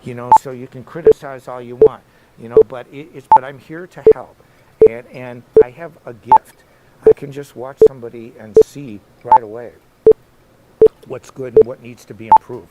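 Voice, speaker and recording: A middle-aged guitar teacher gives a casual one-on-one lesson, rambling through anecdotes and asides while loud electric guitar plays in the background. His mid-range voice has fairly even intonation and a moderate pace, with heavy background noise.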